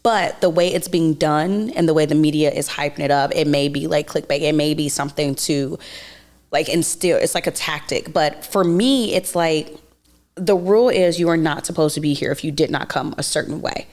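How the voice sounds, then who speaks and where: A woman's voice: sits low, moderate pace, a little mellow. A woman co-hosting a podcast in casual chat, teasing her co-host and then ranting her opinions at length.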